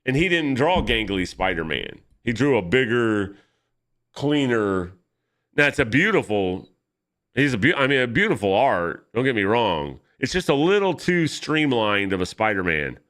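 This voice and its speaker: A man's voice: mid-range voice, very animated, normal speed, fairly bright tone. A man giving casual, rambling commentary while flipping through comic books, nitpicky and often correcting himself mid-sentence. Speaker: comic book vlogger.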